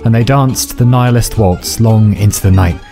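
A man reading a scripted story in a measured storytelling manner. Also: on the low side, vocal fry. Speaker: narrator. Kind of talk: scripted narration. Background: faint music.

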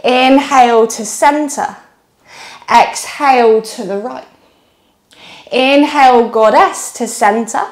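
Woman, yoga instructor, slow unhurried cues, slightly breathless, encouraging. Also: sits high. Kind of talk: guided yoga class cues.

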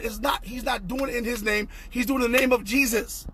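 A young man preaching an impassioned online sermon, fervent and repetitive, often shouting, with a husky voice. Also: very high voice, steady tone, fairly quick, few pauses. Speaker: pastor.

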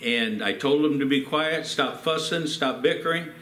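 A man's voice: on the high side, normal speed, a bit bright, echoey room. An older man, a pastor, telling personal stories in a sermon and acting out the quotes. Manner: storytelling with acted quotes. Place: church.

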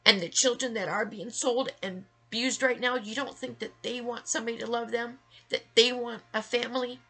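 Husky, gravelly woman ranting angrily. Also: a little high, steady tone, normal speed, fairly bright tone. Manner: angry, emphatic, swearing. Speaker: vlogger sharing her story. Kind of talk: emotional rant to camera.

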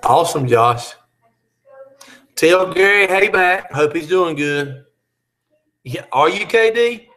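A man's voice: on the high side, lively intonation, slow, long pauses, bright, forceful tone. A man hosting a live chat, reading out viewer comments and teasing them in a joking, easygoing way.

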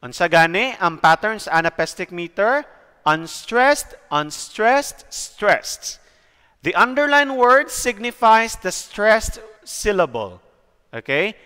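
A high, bright male voice with a Cebuano Filipino accent, speaking slowly and clearly. He lectures like a patient teacher, often pausing to ask "okay?", and his words ring with a long reverb. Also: sing-song. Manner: slow, explanatory, checks in with "okay?". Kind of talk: recorded classroom lecture.

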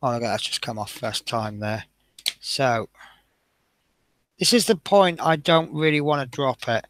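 A man's voice: medium pitch, unhurried, a bit bright, dry recording. Chatty man narrating a model build. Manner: chatty, rambling, self-interrupting. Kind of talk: casual build commentary.

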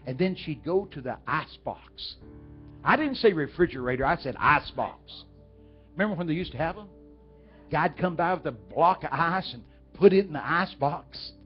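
A man from Texas with a Texan accent, preaching through folksy stories and asking the crowd questions. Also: fairly high pitch. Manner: folksy, talks directly to the audience. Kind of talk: storytelling sermon. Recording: dull lo-fi with faint music.

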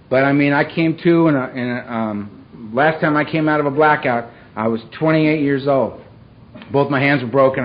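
A man giving a raw, dramatic recovery talk to a live audience, with dark humor and a street-casual way of speaking. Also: medium pitch. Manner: street-casual, peppers speech with "man" and "you know". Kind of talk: personal recovery story told to a live audience. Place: meeting hall with a live audience. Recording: dull, lo-fi live talk recording with faint hiss.

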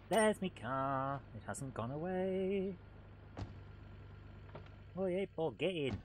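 A man's voice: medium pitch, expressive, a little slow, pauses often. A man hosting a live game playthrough, joking and humming to himself as he plays. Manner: jokey, sings and hums to himself. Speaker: let's play host. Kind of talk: live gameplay commentary. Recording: loud game noise and sirens behind. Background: video game sounds, sirens.

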